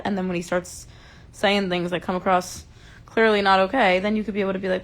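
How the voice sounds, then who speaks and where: A woman talks straight into a phone held close, hosting a casual livestream. Her voice carries a gravelly fry at middle pitch. She is heated and emphatic, and she swears freely. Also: quick pace. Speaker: livestream host.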